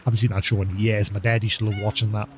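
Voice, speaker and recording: A man's voice: on the low side, level tone, fast talker, a little mellow, slight background noise. A man streaming a video game live, chatting casually and coaxing an in-game cat with a playful voice. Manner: chatty, talks to in-game cat, baby-talk and meowing. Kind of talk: live gameplay commentary.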